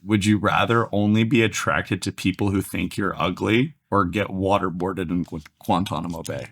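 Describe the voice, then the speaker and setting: A young man, a podcast guest, chatting casually, joking and reacting loudly in disbelief. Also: low-pitched, normal speed. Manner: animated, jokey, exclaims in disbelief.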